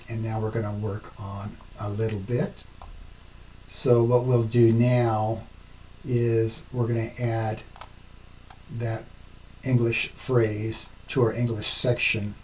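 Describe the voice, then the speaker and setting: Male tutorial host, deliberate and methodical, recorded at a distance with faint background noise. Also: on the low side, a little mellow. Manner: slow, step-by-step explaining. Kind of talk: screen-recorded tutorial narration.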